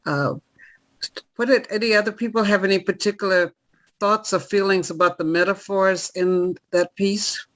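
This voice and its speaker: A woman's voice: mid-range voice, steady tone, normal speed, poor audio. A woman hosting a group discussion on a video call, talking in a chatty way with many fillers. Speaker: podcast host.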